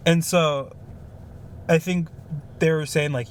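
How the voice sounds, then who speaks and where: A man's voice: on the high side, steady tone, unhurried, slight background noise. A young man co-hosting a podcast, telling stories in a rambling, casual way with lots of fillers. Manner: rambling storyteller with many fillers. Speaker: podcast co-host. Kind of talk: casual chat.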